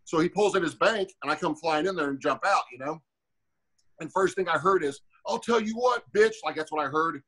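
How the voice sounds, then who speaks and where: A man's voice: fairly high pitch, brisk, breathy edge, rough recording. A man in his forties, a former fighter, telling a rambling, profane story on a podcast and acting out the voices of the people in it. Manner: animated, acts out quoted dialogue.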